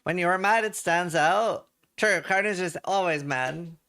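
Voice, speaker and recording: A man's voice: sits high, measured pace, pushed and bright. A man from England chatting casually with viewers on a live stream, joking around.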